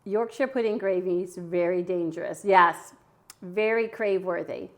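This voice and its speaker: A woman's voice: on the low side, normal speed. A woman who hosts a casual live cooking demo in her home kitchen, chatting with viewers and answering their comments while she cooks. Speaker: cooking livestream host.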